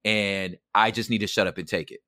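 Middle-aged male guest, slangy and animated, bright tense tone, close and dry. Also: fairly low pitch, a little fast, no echo. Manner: animated, slangy, acts out quotes. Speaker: podcast guest. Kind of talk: casual storytelling.

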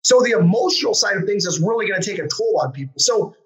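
Eager male show host, high-pitched and rapid, full of fillers. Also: animated, a bit bright, rough recording. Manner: enthusiastic, filler-heavy, restarts, asks long questions. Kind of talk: interview hosting.

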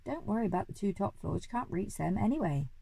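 A woman's voice: medium pitch, animated, fast, creaky, dark tone, breathy edge, no room sound. A woman voicing a short-tempered old male duke who bellows his orders, read aloud from a storybook. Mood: blustering. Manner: bellowing, bossy.

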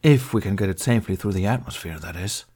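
A man's voice: on the low side, fast talker, a little mellow, natural voice. A man reading a fan fiction audiobook, voicing a stern, formal male Jedi master with cold, contemptuous authority.

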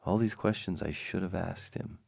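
Slow, gravelly low-voiced man. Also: darkish tone, no echo. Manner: wry, self-deprecating humor; digressive, frequent restarts. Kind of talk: rambling personal anecdote.

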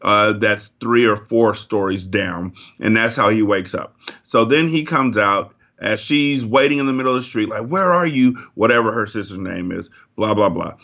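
A man's voice: lowish voice, moderate pace, a bit bright, dull audio. A man in a casual movie review chat, talking in a heated, profane rant.

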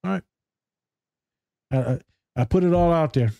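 Man, therapist co-host, casual podcast chat, candid and profane, mellow tone, dry close sound. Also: on the high side, moderate pace, gravelly, no room sound. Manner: candid, swearing, laughing, acts out quoted voices.

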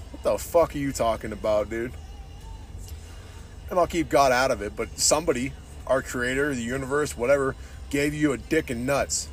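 A man's voice: mid-range voice, moderate pace, soft background music. Profane, blunt man ranting on a podcast. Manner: profane, says "dude" constantly; blunt and opinionated. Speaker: podcast host. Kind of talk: casual podcast rant.

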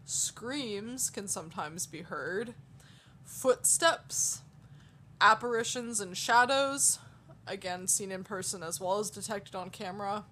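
A woman's voice: medium pitch, takes it slowly, sharp tone, a little hiss or hum. Female podcast co-host, casual and giggly, reading her research. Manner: laughs often, reads details aloud.

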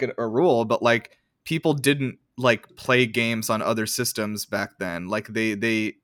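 Man, podcast co-host, rambling chat, filler-heavy, dry close mic, mid pitch. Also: fairly bright tone, no room sound. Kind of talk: casual chat.

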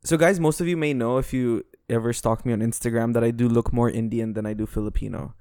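Man with a smooth, dry voice. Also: medium pitch, fairly even intonation, fast talker, a little mellow, dry recording. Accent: international Western English. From Dubai. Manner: dry joking, addresses listeners as guys. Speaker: podcast co-host. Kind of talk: casual chat.

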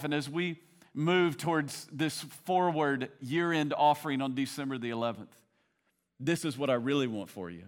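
A man's voice: a little high, moderate pace, clear, resonant tone. A man in his thirties preaching a sermon as a pastor, conversational and building to passionate emphasis.

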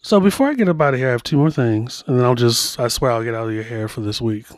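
A man's voice: mid-range voice, quick pace, no room sound, studio quality. A man hosting a podcast, chatting casually and rambling through asides as he comments. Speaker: podcast host.

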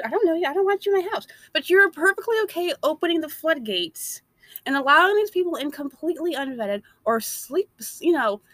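A woman's voice: sits high, a bit bright, no echo. A woman delivering a blunt, emphatic opinion monologue.

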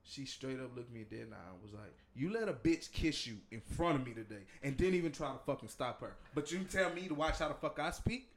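Loud animated man telling a story. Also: mid-range voice, fairly quick, hardly any pauses, slight background noise. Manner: loud, animated, bursts of laughter. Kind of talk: casual profane storytelling. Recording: roomy echo.

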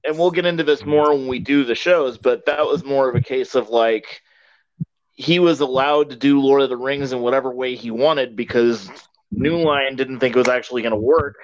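A man's voice: mid-range voice, normal speed, dull audio. Casual man hosting a podcast. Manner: steers the talk, swears casually. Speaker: podcast host. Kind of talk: casual chat.

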